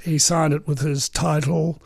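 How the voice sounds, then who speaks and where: A man's voice: on the high side, little pitch movement, unhurried, creaky, darkish tone, no echo, clean studio sound. A man, a veteran political journalist telling anecdotes in an interview, chatty and full of ums and uhs.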